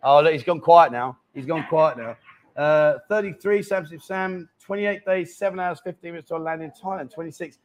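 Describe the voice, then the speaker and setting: A man's voice: a little high, normal speed, a little hiss or hum. A man in his fifties hosting a live chat show, joking and teasing guests and viewers in casual banter. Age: 50s.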